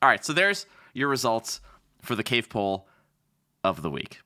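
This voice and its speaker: A man's voice: mid-range voice, big pitch swings, a little slow, pushed and bright. A young adult man from Canada co-hosting a podcast, bantering and joking in casual chat. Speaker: podcast co-host.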